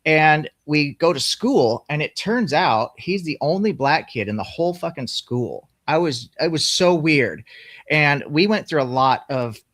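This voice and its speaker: Profane, animated man telling a story. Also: mid-range voice, no echo. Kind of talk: casual storytelling.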